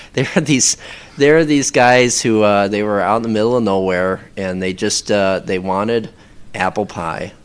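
A man chatting casually as a podcast guest, rambling with many pauses and fillers. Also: fairly low pitch, clean tone. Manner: rambling, hesitant, lots of ums. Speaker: voice actor guest.

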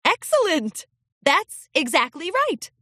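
A bright, lilting pony princess with a sunny, warmly formal manner, as a woman puts her on for a storybook reading. Her voice sits high and swoops lively through each phrase. It is recorded close and dry. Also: unhurried, dry recording, heavily acted. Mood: cheerful. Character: gentle regal female pony princess teacher.

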